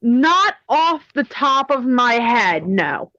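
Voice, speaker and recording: Sarcastic high-voiced woman, lively. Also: takes it slowly, no room sound, lo-fi sound. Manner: blunt, sarcastic, swears. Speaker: co-host. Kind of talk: casual chat.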